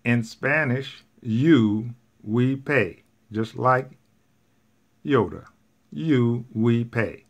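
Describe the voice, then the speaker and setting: Male Spanish teacher, mid pitch, very slow, patient and repetitive with his class. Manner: patient, repeats each point step by step. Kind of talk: classroom grammar explanation.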